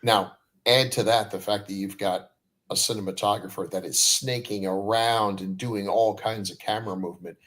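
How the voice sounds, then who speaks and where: A man co-hosting a horror film podcast, chatting casually with wry, opinionated remarks and halting restarts. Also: fairly low pitch, fairly even intonation, a bit bright. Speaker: podcast co-host. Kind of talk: casual film review chat.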